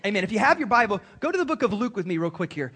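A man preaching a sermon to a congregation, animated and acting out quoted voices. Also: sits high, very fast, slightly rough, soft background music. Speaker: pastor.

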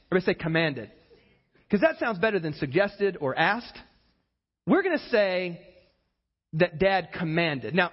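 A man preaching with a very high voice, animated and punchy, acting out the people he talks about. The sound is a little dull and lo-fi, like a plain church recording. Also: slightly rough. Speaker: pastor. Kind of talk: sermon.

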